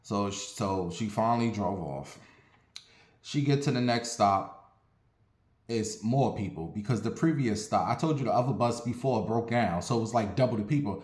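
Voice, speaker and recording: A man from Ohio telling a casual story in an animated, profane, dramatic way. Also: on the low side, moderate pace. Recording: roomy echo.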